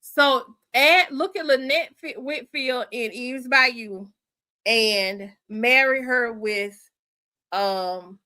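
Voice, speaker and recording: A woman hosts a loose, chatty livestream with a bright, ringing voice. She thinks out loud, backtracks, and keeps turning to her viewers as y'all and honey. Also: a little high, extremely slow. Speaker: livestream host. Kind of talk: casual livestream chat with viewers.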